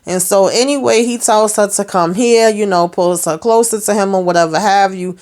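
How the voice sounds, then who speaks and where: A woman's voice: medium pitch, normal speed, darkish tone. A woman casually recapping a TV episode, retelling scenes through quoted lines and personal asides. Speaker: TV recap host.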